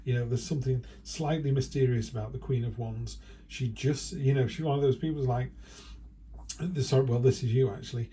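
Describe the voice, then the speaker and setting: A man's voice: mid-range voice, fairly even intonation, fairly quick, dark tone, a little hiss or hum. Chatty man reading tarot. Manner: chatty, rambling, with playful quoted asides. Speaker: tarot reader. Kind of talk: casual tarot reading monologue.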